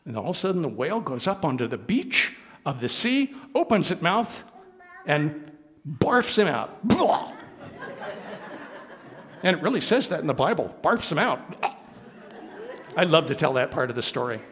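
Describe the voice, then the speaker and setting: A male minister telling a storytelling sermon in a playful, animated way in a worship hall. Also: fairly high pitch, moderate pace, a faint crowd. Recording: reverberant hall.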